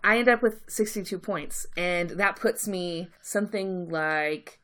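A young woman co-hosting a podcast, telling a story in casual chat, swearing freely and getting loud and laughing as she gets worked up. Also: lowish voice, a little slow. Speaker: podcast co-host.

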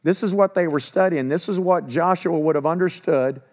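Man preaching, higher voice. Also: normal speed, darkish tone. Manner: conversational Bible teaching with emphatic repetition. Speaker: pastor. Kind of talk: sermon.

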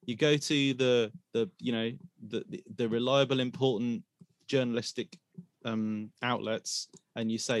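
A man's voice: medium pitch, steady tone, unhurried, no room sound, clean studio sound. A man hosting a podcast in a casual, rambling way, trailing into hesitations and breaking into laughter. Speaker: podcast host.

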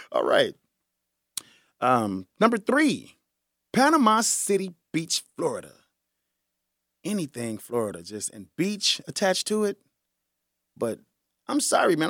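A middle-aged man hosts his own podcast in a loose, joking chat. His voice is gravelly and his pitch swings widely. The sound is dry and close. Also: a bit bright, no echo. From Chicago area. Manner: chatty, joking, laughs often. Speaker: podcast host. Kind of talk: casual solo chat.

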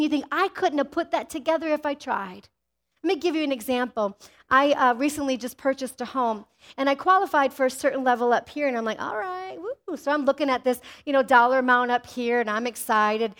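A woman pastor preaching with a high, bright-pitched voice. She is energetic and tells personal stories. She keeps asking her listeners "amen?" as she goes. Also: fairly quick. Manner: energetic, asks the congregation "amen?"; personal storytelling. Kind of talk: sermon.

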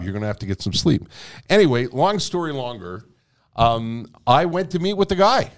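A man spins a long personal anecdote in a relaxed, conversational way. His pitch swings widely as he slips into the voices of the people in the story, and he swears freely and laughs along the way. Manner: animated, acts out dialogue with swearing and laughter. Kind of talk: casual anecdote telling.

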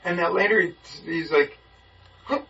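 In a Bible study group, a man with a high-pitched voice and some vocal fry tells a story at a moderate pace, animatedly voicing the people in it. The recording is muffled and distant, with a faint hiss behind it.

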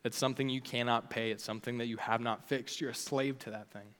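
A man's voice: medium pitch, fairly even intonation, quick pace, fairly bright tone, clean tone, big-room sound. A man preaching a casual sermon, talking informally with lots of "like" fillers. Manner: chatty, informal, many "like" fillers.

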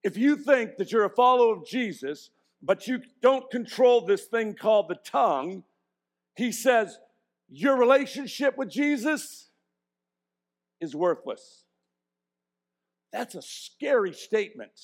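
A middle-aged man preaching a sermon in a slightly raised voice. He drops to quiet, self-mocking asides, then rises to loud, emphatic points, stumbling over restarts as he goes. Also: high voice. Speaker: pastor.

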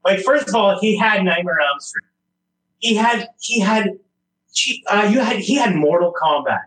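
A man's voice: high voice, normal speed, a bit bright, roomy sound, rough recording. A man in his forties from Montreal, telling a story in casual chat with lots of fillers and restarts. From Montreal, Canada. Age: 40s.

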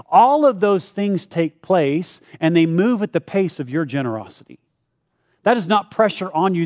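A man's voice: high voice, a little mellow. A middle-aged man, a pastor, talking casually and jokingly to his congregation about giving, acting out short prayers. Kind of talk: church giving talk to a congregation. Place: church service before a live congregation.

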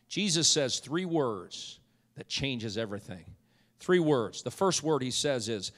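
A male preacher delivering a sermon, swinging from hushed storytelling to loud, fervent shouting. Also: medium pitch, expressive, a little slow. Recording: long hall reverb.

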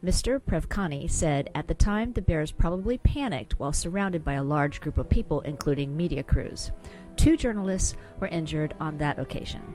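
Low-voiced woman radio reporter. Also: expressive, moderate pace, warm tone, soft background music, rough recording. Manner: crisp news read, then frank and opinionated. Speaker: news reporter and co-host. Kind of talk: news reading and casual radio chat.

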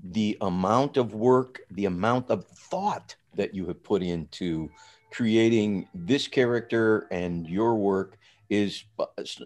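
A man interviewing a guest, enthusiastic and a little halting as he gathers his thoughts. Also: lowish voice. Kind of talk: interview conversation.

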